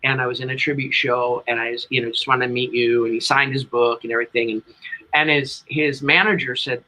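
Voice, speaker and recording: A man's voice: mid-range voice, little pitch movement, fairly quick, pushed and bright, poor audio. A middle-aged man with a New England accent, a tribute band singer telling a long, rambling story as an interview guest.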